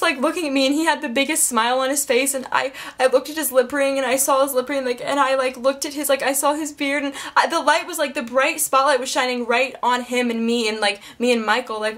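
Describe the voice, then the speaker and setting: Gushing high-voiced young woman vlogger. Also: fairly even intonation, quick pace, hardly any pauses, fairly bright tone. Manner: gushing and breathless, heavy use of "like". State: emotional, close to tears. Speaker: beauty vlogger. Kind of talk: excited storytime vlog.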